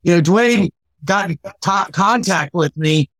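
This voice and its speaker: Male guest, high voice, halting storyteller with lots of fillers; dry sound. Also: animated, a bit bright, no echo. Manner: rambling, halting, many fillers. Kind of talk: casual memorial chat.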